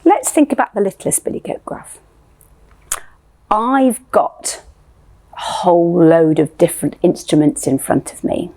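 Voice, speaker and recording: A woman's voice: lowish voice, very animated, unhurried, pauses often, dark tone. A woman leading a playful music lesson for young children, asking sing-song questions.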